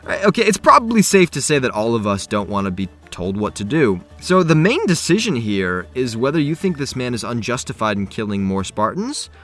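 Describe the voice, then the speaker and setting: Animated male gaming commentator. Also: medium pitch, fairly quick, hardly any pauses, faint music behind. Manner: casual, chatty, self-correcting. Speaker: gaming youtuber. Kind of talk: video game commentary.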